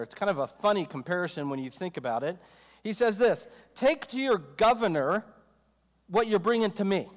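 A man preaching a sermon in a conversational style, with joking asides and quoted voices acted out. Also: sits high. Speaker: pastor. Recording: long reverb of a hall.

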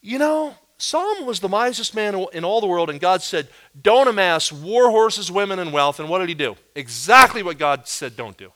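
Bright, emphatic preaching man. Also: normal speed, few pauses. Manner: animated, emphatic preaching with rising pitch on key words. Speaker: pastor. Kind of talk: sermon.

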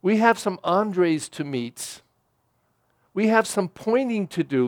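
Male pastor preaching, chatty, asks the folks questions, high voice swings all over, dry sound. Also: lively intonation, takes it slowly, no echo. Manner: conversational preaching with direct questions to listeners. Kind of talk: sermon.

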